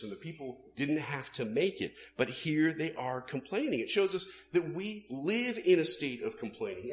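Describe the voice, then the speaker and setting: A male pastor preaching a sermon, animated, swinging between loud emphasis and hushed asides. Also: fairly high pitch.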